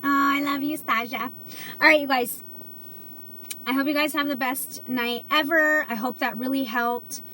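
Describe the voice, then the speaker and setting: A woman with a slightly high voice chats casually with viewers on a livestream. She speaks earnestly, with plenty of ums and likes. A faint hiss of noise sits behind her. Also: pushed and bright. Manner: earnest, chatty, many fillers. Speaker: livestream host selling CBD.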